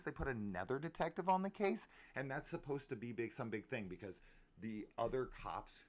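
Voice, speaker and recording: A man reviewing a horror film in an exasperated rant, swearing freely and repeating himself in disbelief. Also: mid-range voice. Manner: exasperated, incredulous and profane, with frequent fillers and repeats.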